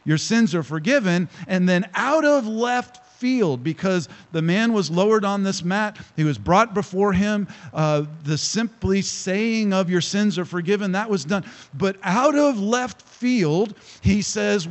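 A male pastor preaching a sermon to a congregation, emphatic and slowing down to stress key phrases. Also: high-pitched, expressive. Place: church hall with congregation.

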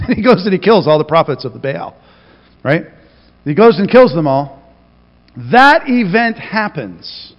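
Man, pastor delivering an animated sermon; a touch high-pitched, muffled recording. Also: a little slow, long pauses. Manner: animated storytelling, acts out quotes. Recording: reverberant, dull lo-fi hall recording.

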